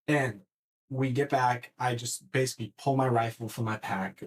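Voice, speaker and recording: The speaker is a man on a casual podcast, medium-pitched and talking at an ordinary speed. He narrates animatedly, curses without holding back, and often restarts his lines.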